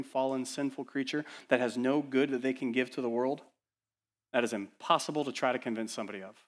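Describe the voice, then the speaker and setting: A man pastor preaching a sermon in a church, urgent and full of rhetorical questions, dropping to hushed lines and rising to loud ones. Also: medium pitch.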